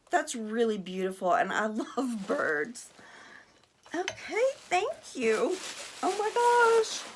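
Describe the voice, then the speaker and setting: A woman vlogger opens her mail and unboxes gifts while chatting casually. Her mid-range voice gushes with excitement, and she exclaims and laughs often.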